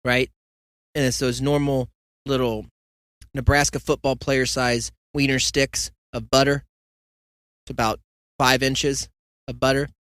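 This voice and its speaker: A man's voice: mid-range voice, level tone, unhurried, pauses often, a bit bright, clear, resonant tone, no room sound. Rambling young man, dry close sound. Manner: rambling storyteller, joking asides and mock quotes. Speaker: podcast host. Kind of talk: casual solo monologue.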